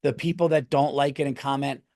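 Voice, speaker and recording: A man's voice: medium pitch, steady tone, brisk, warm tone. A middle-aged man hosting his podcast in a casual, rambling way, getting heated and swearing as he rants. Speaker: podcast host. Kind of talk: casual comedic rant.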